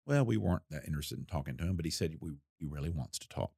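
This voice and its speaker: An older man and former investigator telling a case story in a folksy, unhurried way with a wry edge. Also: rumbling low, lively intonation, creaky, darkish tone, breathy edge, no echo, clean studio sound. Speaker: retired federal investigator recounting a case. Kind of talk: storytelling interview.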